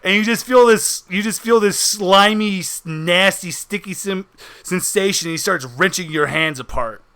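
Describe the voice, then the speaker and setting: A man's voice: sits high, measured pace, bright, forceful tone, clean tone. A man narrating a tabletop horror game as game master, with dramatic descriptions and frequent laughter.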